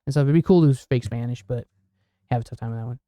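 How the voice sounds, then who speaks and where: A man co-hosting a casual podcast, joking around and laughing often in quick banter. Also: medium pitch, dark tone, no room sound, lo-fi sound. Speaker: podcast co-host. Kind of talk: casual chat.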